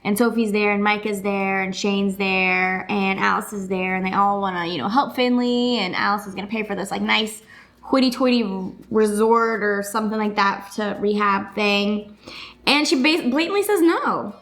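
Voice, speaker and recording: A woman's voice: medium pitch, moderate pace, fairly bright tone. A woman chatting casually through a TV episode recap, her talk full of "like" and "you know" fillers. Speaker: vlogger reviewing a TV episode.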